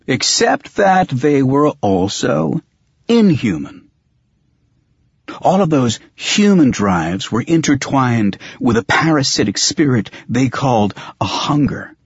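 A man narrating a first-person audiobook in a wry, measured way. The recording sounds dull and dry. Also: medium pitch, husky, no room sound.

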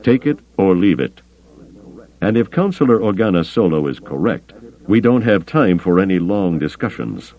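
Male narrator as a cool, clipped smuggler captain, deep voice, lively delivery, dull lo-fi recording. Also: moderate pace. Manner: cool, curt, dry.

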